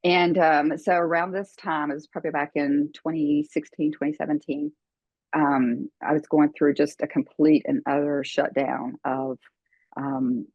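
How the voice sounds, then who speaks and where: An older woman as an interview guest, telling her story earnestly, with many fillers and pauses. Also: low voice, dry recording, dull audio. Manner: earnest, emotional, halting with fillers.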